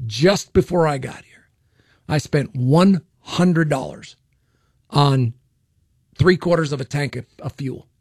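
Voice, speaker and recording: A man's voice: fairly high pitch, a little mellow, no echo, clean studio sound. A man hosting a political talk radio show, speaking in an opinionated way and often repeating words as he starts a sentence. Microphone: studio microphone.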